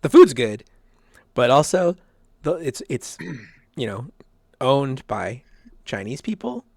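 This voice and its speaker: A man's voice: medium pitch, very animated, slow pace, creaky, a little mellow, no room sound, clean studio sound. A man hosting a casual podcast chat, laughing often and repeating his words with plenty of fillers. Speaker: podcast host.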